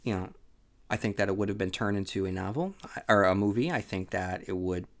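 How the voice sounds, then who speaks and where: A man's voice: on the low side, brisk. A sleepy man hosting a podcast from home, talking casually about a book with lots of fillers and restarts. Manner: rambling, many fillers and restarts. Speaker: podcast host. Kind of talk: casual solo book discussion. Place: home on a rainy day.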